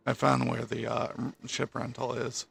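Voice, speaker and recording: A man chatting slowly and casually with friends while gaming. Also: medium pitch, monotone, vocal fry, fairly bright tone, slightly rough.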